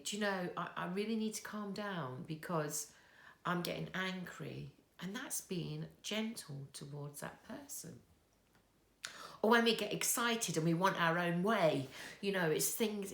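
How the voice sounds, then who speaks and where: A woman giving a soft, slow children's talk at church, telling a story with many pauses. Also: lowish voice, vocal fry. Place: church hall. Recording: echoey church room.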